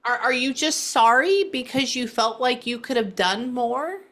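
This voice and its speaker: Bright-voiced woman giving a psychic reading. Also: a little high, lively intonation. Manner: halting, often pausing to listen. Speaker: psychic medium. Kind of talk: casual reading session.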